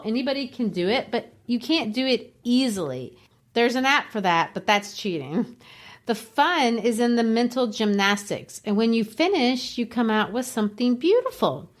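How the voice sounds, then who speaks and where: A middle-aged woman co-hosting a literature podcast, explaining verse rhythm like a teacher and tapping out the beats. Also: on the high side. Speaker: podcast co-host. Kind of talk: casual literature discussion.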